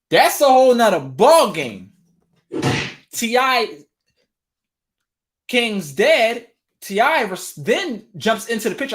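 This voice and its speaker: Speaking slowly in a high-set voice, a man hosting a relationship talk show chats casually straight to his audience. He stays animated throughout, hammering home phrases through constant repetition.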